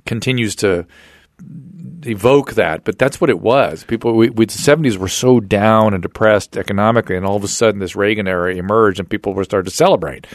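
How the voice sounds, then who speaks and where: A man hosting a podcast interview, reflecting out loud in casual chat and often restarting his sentences. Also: on the low side, a little fast, dry recording, clean studio sound. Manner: reflective, thinks aloud with restarts. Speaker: podcast host.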